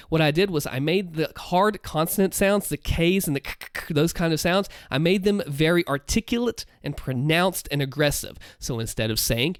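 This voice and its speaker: A man's voice: fairly high pitch, animated, moderate pace, no echo, studio quality. A man explaining how he built a villain voice, talking animatedly and demonstrating as he goes, holding his volume down because it is late at night. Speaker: content creator explaining his voice work. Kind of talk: voice acting breakdown.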